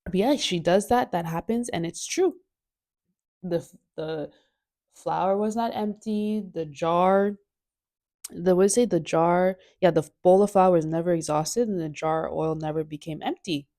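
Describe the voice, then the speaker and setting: Chatty low-voiced woman, mellow tone. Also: a little slow. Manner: chatty, laughs often, swears, playful asides. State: sick. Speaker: host of a Bible study show. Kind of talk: casual Bible reading and chat.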